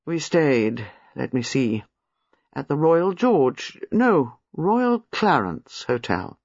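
A man doing a weary, grim middle-aged gentleman. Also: a little high, very animated, slightly rough, no room sound, full character voice. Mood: grave. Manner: measured, grim, slow. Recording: slightly muffled, dry.

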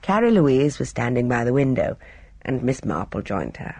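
An audiobook narrator reading a story in a measured, even manner. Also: mid-range voice, slightly rough, dry recording. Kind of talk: scripted narration.

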